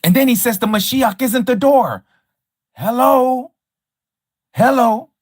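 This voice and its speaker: At a moderate pace, an extremely high-pitched man teaches scripture over a livestream in studio-quality audio with no echo. As a Bible study teacher he speaks emphatically and rhetorically, repeating key phrases and combatively challenging a rival teacher.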